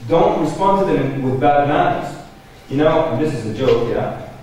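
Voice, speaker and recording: A man delivers a religious lecture at a conference, mixing jokes into his points and checking in with the crowd as he goes. His voice sits a little high for a man. It comes across from far off, washed in heavy hall echo, with faint background noise. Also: expressive, normal speed, darkish tone. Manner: joking, conversational, addresses audience directly. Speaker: conference speaker. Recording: echoey hall, picked up from far off.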